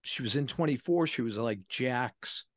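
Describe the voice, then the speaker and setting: A man's voice: medium pitch, lively intonation, normal speed, no room sound, studio quality. A man co-hosting a casual review chat, explaining eagerly and rambling with restarts. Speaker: podcast co-host.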